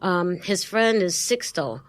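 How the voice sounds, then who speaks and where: Brooklyn lady on an interview, animated storyteller, dry close sound. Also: fairly low pitch, slow pace, no echo. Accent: Brooklyn New York. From Brooklyn, New York. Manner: lively storyteller who acts out quoted voices and laughs often. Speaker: guest. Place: studio.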